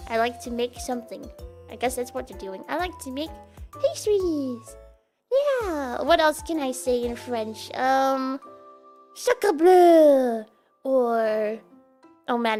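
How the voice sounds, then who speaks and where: Giggling often, a young native Dutch speaker from the Netherlands banters playfully with viewers on her live stream in Dutch-accented speech. Her voice sits high with lively intonation at a normal speed, over soft background music.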